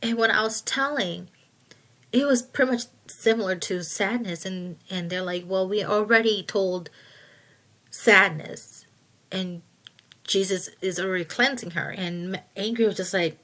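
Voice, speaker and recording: A woman giving a personal testimony in a halting way, with many restarts, and going quiet at painful moments. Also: medium pitch. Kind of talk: personal testimony, casual retelling.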